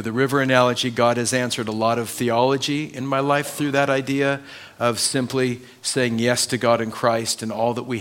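Male pastor, mid-pitched voice, delivering an expressive sermon in church. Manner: expressive, swings from loud emphasis to hushed tones. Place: church sanctuary.

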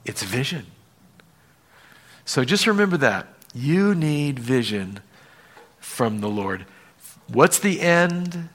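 A man preaching a sermon in a conversational way, dropping to quiet emphasis and acting out small everyday scenes. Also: mid-range voice, big pitch swings, slow pace, pauses often. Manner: acts out little scenes with voices. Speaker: pastor.

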